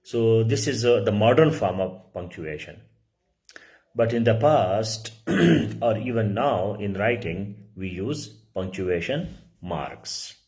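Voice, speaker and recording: A middle-aged male teacher giving a lecture, explaining slowly, repeating key words and often clearing his throat. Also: fairly low pitch, lively intonation, a little mellow. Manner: slow, repetitive explaining with frequent throat clearing; restates key words for emphasis. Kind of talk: lecture on writing.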